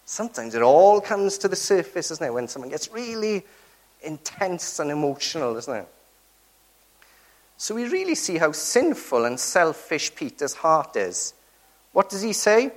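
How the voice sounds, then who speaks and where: Lively, higher-voiced preacher. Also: male voice, normal speed. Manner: keeps asking the congregation rhetorical tag questions; earnest and emphatic. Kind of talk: sermon.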